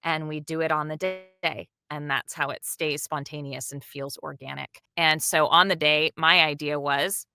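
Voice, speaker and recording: A woman who works as a dub director, chatting animatedly and enthusiastically in an interview, with quick asides. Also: low voice, steady tone, vocal fry, pushed and bright, smooth, no room sound. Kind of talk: casual interview chat.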